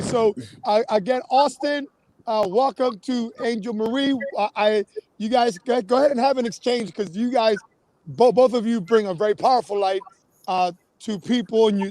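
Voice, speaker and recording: A man's voice: high-pitched, normal speed, a little mellow, dry recording, rough recording. A man hosting a live online talk show, effusive and upbeat, leading his guests in chants. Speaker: host.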